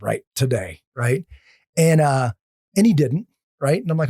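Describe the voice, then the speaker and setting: A man on a podcast as a guest, telling casual stories in an animated way, often restarting his sentences. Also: mid-range voice, fairly quick, no echo, clean studio sound. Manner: animated, acts out quoted lines, frequent restarts. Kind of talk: casual storytelling.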